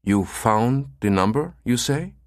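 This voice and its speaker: A man's voice: mid-range voice, lively intonation, takes it slowly, dry recording, clean studio sound, pitched above the performer's own voice. A man putting on a gushing Spanish salesman. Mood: wheedling. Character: smooth-talking Spanish escort-service owner, a pushy salesman.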